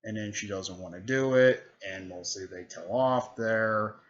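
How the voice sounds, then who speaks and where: A man giving a casual, rambling recap full of filler words, often clearing his throat. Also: lowish voice, measured pace. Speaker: host recapping a fan series. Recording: dull lo-fi recording.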